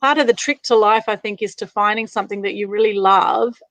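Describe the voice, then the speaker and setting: A woman's voice: medium pitch, a little fast, a bit bright, dry recording, low-quality recording. A woman hosting an interview over a video call, effusive and rambling, heaping praise on her guest. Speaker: interviewer, host.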